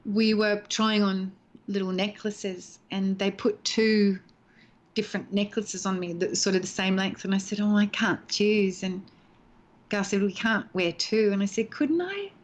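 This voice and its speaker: A middle-aged woman, a guest actress, telling stories in a chatty, animated way in a casual interview from home. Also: mid-range voice, measured pace. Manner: chatty, animated storyteller, laughs easily. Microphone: home video call. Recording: dull lo-fi call audio.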